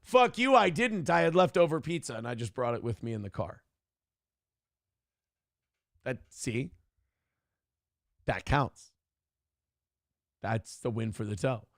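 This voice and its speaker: Animated man in his thirties telling stories. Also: mid-range voice, unhurried, creaky, pauses often, dry recording, clean studio sound. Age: 30s. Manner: animated storyteller, laughs often, swears casually. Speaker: morning show host. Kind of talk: casual live-stream chat.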